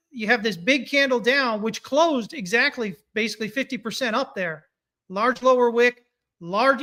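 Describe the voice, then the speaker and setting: A man giving casual live-stream commentary on price charts, reading viewer comments as he goes. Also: very high-pitched. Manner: animated, talks through charts, reads viewer comments. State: hiccuping. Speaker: market analyst streaming chart analysis.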